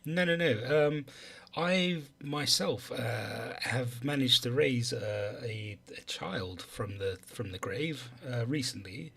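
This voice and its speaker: Casting: a slow, gravelly-voiced man role-playing his character, polite and hesitant. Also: mid-range voice, fairly bright tone. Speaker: player. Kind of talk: in-character tabletop role-play.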